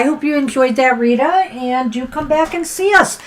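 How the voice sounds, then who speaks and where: A woman's voice: high voice, moderate pace, rough recording. A woman co-hosting a live tarot stream, giving uplifting card readings with plenty of "you know"s. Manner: warm-hearted, filler-heavy, many "you know"s. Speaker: tarot reader co-host.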